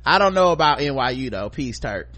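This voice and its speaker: Bright-voiced man, animated and profane. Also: mid-range voice, brisk. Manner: animated storyteller, profane, acts out quotes loudly. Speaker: podcast co-host. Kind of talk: casual comedic chat, reading listener feedback.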